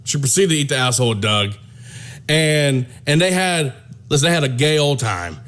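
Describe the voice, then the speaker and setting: A man's voice: on the high side, normal speed. Crude, rambling male comic storyteller. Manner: rambling, repeats himself, crude and animated. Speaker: comedian storyteller.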